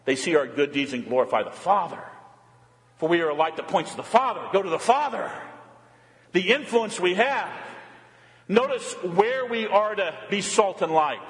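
High-voiced preacher in a reverberant hall. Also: male voice, expressive, normal speed. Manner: emphatic preaching, rising and dropping to a murmur. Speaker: pastor. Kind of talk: sermon. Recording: long reverb of a church hall.

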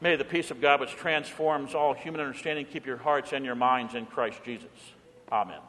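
A man pastor preaching a sermon, pleading and impassioned, swinging from loud calls to hushed low passages. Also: a little fast. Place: church sanctuary. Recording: long reverb of a large church.

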